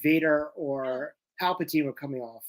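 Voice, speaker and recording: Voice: medium pitch, normal speed. A co-host chatting casually and enthusiastically during a live watch-along. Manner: chatty, enthusiastic fan banter. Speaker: podcast co-host.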